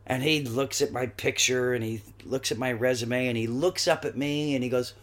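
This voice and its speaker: A middle-aged man, a guest actor, telling a lively story in a podcast interview and acting out the voices in it. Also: medium pitch, normal speed, few pauses. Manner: lively anecdotes, acts out quoted voices, swears.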